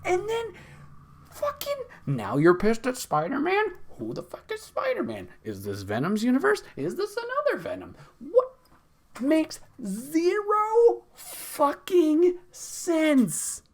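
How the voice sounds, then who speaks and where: A man's voice: very high voice, huge pitch swings, slow pace, creaky. A man hosting a podcast in a casual, profane, exasperated rant, laughing often. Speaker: podcast host.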